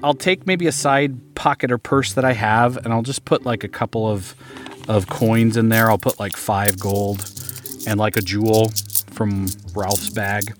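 A man's voice: on the low side, fairly even intonation, unhurried, faint music behind. A man playing a tabletop game, chatting casually and talking through plans in a playful, hesitant way. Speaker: player.

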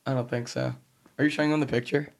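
A man's voice: mid-range voice, flat delivery, fast, vocal fry. Young man, podcast host, casual chat, laughing often, joking.

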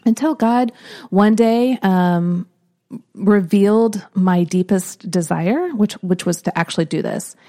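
A woman hosting a podcast, telling a personal story in an earnest, reflective way, often trailing off softly. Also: mid-range voice, slow pace. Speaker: podcast host.

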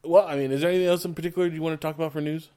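A man's voice: a little high, steady tone, very fast, warm tone, clear, resonant tone. Podcast host guy, easygoing, kinda hesitant, keeps the chat going. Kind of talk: casual chat.

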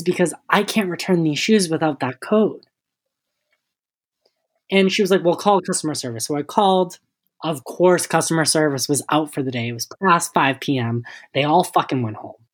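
A young man co-hosting a podcast, telling a story in a casual, animated way, cursing freely and acting out the people in it. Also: sits high. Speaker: podcast co-host.

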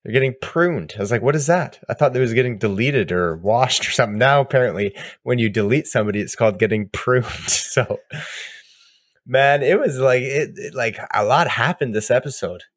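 Excitable laughing man, dry sound. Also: mid-range voice, moderate pace, dry recording. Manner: excitable, laughing, rambling with restarts. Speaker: podcast co-host. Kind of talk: casual chat.

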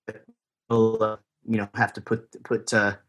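A man's voice: on the low side, monotone, a little slow. A man, chatting in a rambling, easygoing way as a guest musician on a podcast. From Texas, USA. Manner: rambling, lots of fillers and restarts, easygoing. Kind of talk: casual interview chat.

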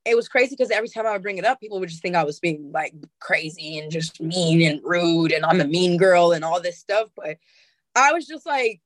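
A woman's voice: on the low side, brisk. A young woman musician speaking candidly and emotionally in a casual interview, swearing freely. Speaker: musician guest.

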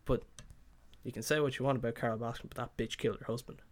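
A man's voice: medium pitch, fairly even intonation, fast. A man hosting his own podcast, rambling casually with lots of fillers and swearing. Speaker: podcast host. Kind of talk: casual solo podcast chat.

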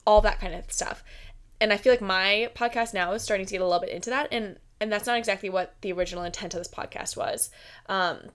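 Quick-paced and a bit bright, her mid-range voice carries a casual solo podcast she hosts herself. She's a young woman from the US, giggling often and leaning heavily on "like."

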